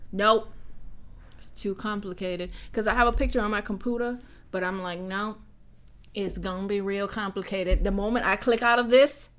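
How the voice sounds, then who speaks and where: A young American woman streams live from home in a mid-range voice, chatting casually, rambling, and reading out donor messages.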